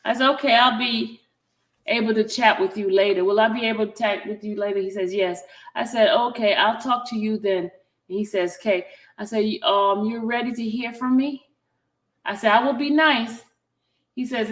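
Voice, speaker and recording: A woman's voice: fairly high pitch, a bit bright. Chatty woman reading texts aloud. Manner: chatty, reads messages aloud with asides. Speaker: vlogger. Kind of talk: casual chat, reading out text messages. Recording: roomy echo.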